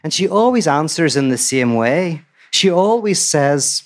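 A man telling a fairy tale to a live audience in a relaxed, conversational way with asides. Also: a little high, unhurried. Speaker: storyteller. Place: live talk before an audience.

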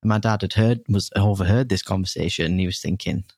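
Earnest man, low voice. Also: quick pace, vocal fry, darkish tone, breathy edge, no room sound, studio quality. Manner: earnest, frank, full of restarts and "you know". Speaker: podcast guest. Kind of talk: candid personal storytelling.

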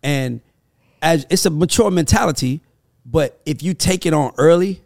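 A podcast co-host with a Southern American accent chats casually and emphatically, telling stories as his voice swings between low and high. He talks at normal speed with a creaky, slightly mellow voice, captured in a dry, studio-quality recording.

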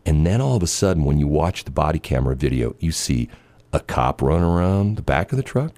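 A man's voice: very deep voice, big pitch swings, fairly quick, darkish tone. A man hosting a casual chat, telling a long story in a rambling way with many fillers and restarts.

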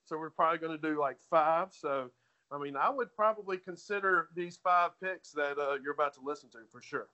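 A man co-hosting a sports betting podcast, blunt and halting with many restarts. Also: on the high side, bright, forceful tone, highs cut off. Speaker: podcast co-host. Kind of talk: casual sports betting chat.

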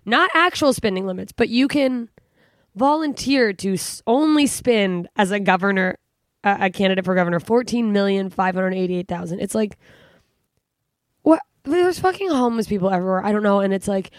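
A young woman from California hosting a podcast solo, ranting in a rambling, exasperated and profane way, full of fillers and sudden jumps in pitch. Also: animated, normal speed, dry recording, clean studio sound. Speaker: podcast host. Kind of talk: casual solo podcast rant.

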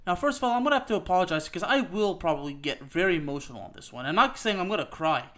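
A man's voice: sits high, expressive, rapid-fire, fairly bright tone. A man hosting a soccer podcast, ranting emphatically with frequent "okay?" and "you know what?" and some swearing. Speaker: podcast host. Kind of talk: soccer opinion podcast rant.

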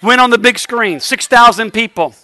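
A middle-aged man preaching a revival sermon, telling a lively story and building to shouted exhortation. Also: extremely high pitch, normal speed, a little hiss or hum.

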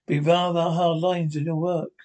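A man's voice: a little high, little pitch movement, normal speed, darkish tone, natural voice. A man reading aloud, voicing a witty, cynical male aristocrat who talks in a drawling, amused way.

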